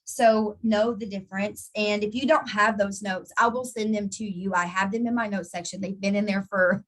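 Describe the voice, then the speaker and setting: A woman's voice: mid-range voice, steady tone, normal speed, a bit bright. A chatty woman coaching her marketing team in a casual live session. She talks in an easygoing, encouraging way, often restarting sentences and repeating words. She answers viewers by name as she goes. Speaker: network marketing team trainer. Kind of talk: casual live training talk.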